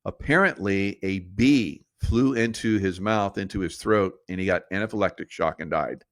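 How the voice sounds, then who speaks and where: A man's voice: low voice, moderate pace, dry recording, studio quality. A middle-aged man hosting a show, telling rambling stories in a casual, conspiratorial monologue and laughing between points. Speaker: show host.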